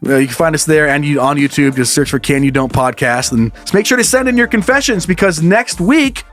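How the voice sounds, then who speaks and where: A man's voice: a little high, lively intonation, brisk, fairly bright tone, soft background music. Playful laughing male podcast co-host. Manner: laughs often, joking and playful. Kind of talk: casual chat.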